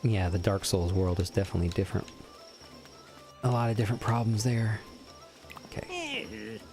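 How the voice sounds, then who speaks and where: A man's voice: lowish voice, very animated, moderate pace, music in the background. A young man streaming a game, chatting casually and teasing his viewers as he reads their messages aloud. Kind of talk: casual gameplay commentary.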